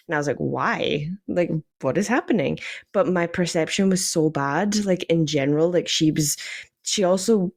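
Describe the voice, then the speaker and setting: Young Scottish woman, podcast guest, lower voice, chatty and animated, quick to laugh. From Scotland. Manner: animated, laughs often, many fillers. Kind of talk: casual chat, storytelling.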